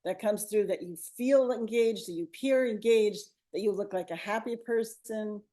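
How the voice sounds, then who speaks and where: Mellow-voiced woman coaching on interviews. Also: medium pitch, normal speed. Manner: upbeat, instructive, coaching tone. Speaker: co-host, media coach. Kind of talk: webinar advice talk. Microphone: lavalier on a video call.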